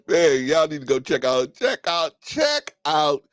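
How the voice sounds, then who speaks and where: A man hosting a casual live stream, chatting loosely with viewers, laughing often and slipping into high-pitched movie quotes. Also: big pitch swings, a little slow, few pauses. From United States.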